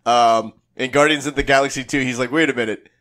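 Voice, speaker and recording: A man's voice: medium pitch, fairly even intonation, fast, fairly bright tone. A middle-aged man co-hosting a casual TV review chat in a laid-back, slangy way. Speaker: podcast co-host.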